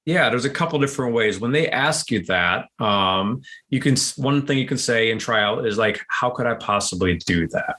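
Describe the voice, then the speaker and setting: A man in an easygoing podcast chat, coaching wedding-business owners. His voice sits at an ordinary middle pitch. He rambles and restarts, slipping into quick acted snippets of client talk. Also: pushed and bright. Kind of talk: casual podcast conversation.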